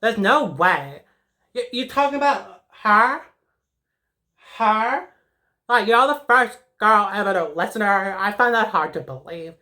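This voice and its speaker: A woman's voice: mid-range voice, lively intonation, unhurried, sharp tone. A woman playing a sassy rambling teen schoolgirl. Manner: rambling, peppered with "like", emotional. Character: sassy, dramatic teenage schoolgirl. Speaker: comedic character. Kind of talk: comedic character monologue.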